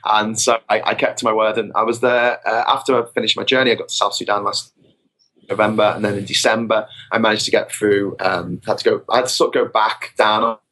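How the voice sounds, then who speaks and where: Podcast guest, male, slightly low and bright, rambling self-mocking storyteller. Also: flat delivery, a little fast. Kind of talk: casual storytelling. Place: podcast recording.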